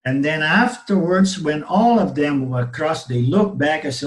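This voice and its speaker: A slightly high-voiced man with a Brazilian Portuguese accent, whose first language is Portuguese, tells a parable as a spiritual teacher in an online class. He keeps the story animated and often checks in with "okay?". The audio carries a noticeable room echo. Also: a little slow. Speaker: Vedanta teacher. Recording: roomy webinar audio.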